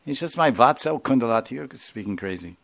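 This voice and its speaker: A man's voice: mid-range voice, animated, fairly quick, gravelly, fairly bright tone. A man voicing a worried, doting village mother who fusses and coaxes. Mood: incredulous. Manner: fussing, coaxing.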